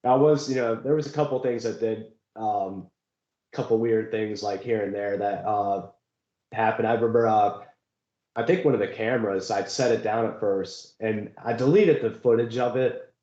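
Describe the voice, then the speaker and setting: A man's voice: on the low side, normal speed, dark tone. A man co-hosting a casual chat about ghost hunting, rambling and laughing often. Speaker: podcast co-host. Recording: echoey room, dull lo-fi sound.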